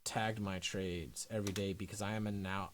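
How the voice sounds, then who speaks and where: A man's voice: lowish voice, steady tone, moderate pace, a bit bright, slight background noise. A young adult man coaching a trader live, talking bluntly and emphatically with frequent swearing. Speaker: trading coach.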